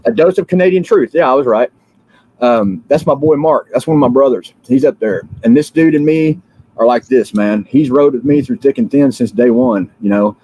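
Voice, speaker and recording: A man's voice: medium pitch, normal speed, dark tone, breathy edge, low-quality recording. A drowsy man from the United States hosting a livestream, ranting in a fiery, repetitive way with many fillers and restarts. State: drowsy, just woken up. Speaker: livestream host. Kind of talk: rambling political livestream rant.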